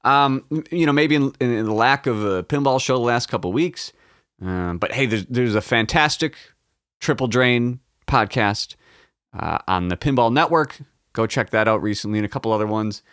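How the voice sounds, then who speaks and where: A man's voice: medium pitch, normal speed, a bit bright, smooth, dry recording, studio quality. A man hosting a solo podcast, rambling in crude, joking, self-deprecating asides. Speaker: podcast host.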